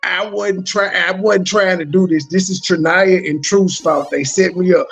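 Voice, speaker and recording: A man's voice: high voice, steady tone, normal speed, gravelly, few pauses, a bit bright. A man hosting a livestream show, teasing and joking with his co-hosts in casual banter. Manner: teasing, joking, mock-apologetic.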